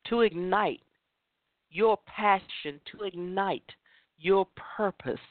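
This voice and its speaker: An impassioned woman delivers a motivational talk, hammering her points home by repeating phrases. Her voice sits at a middling pitch and comes through a thin, phone-like line with no room sound around it. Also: slow, dry recording. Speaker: host of a women's chat show. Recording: tinny phone line, dry.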